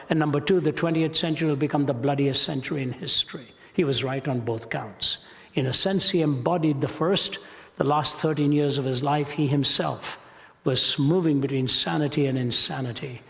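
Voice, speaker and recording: A man giving a public lecture, reciting passages with dramatic, building intensity. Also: fairly high pitch. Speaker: Christian apologist speaker. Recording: long reverb of a large hall.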